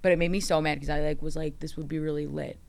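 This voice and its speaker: A woman's voice: deep voice, quick pace, gravelly. A young woman hosting a podcast, telling stories in casual chat, acting out the quotes and swearing often. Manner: animated storytelling, acting out quotes, frequent swearing. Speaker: podcast host.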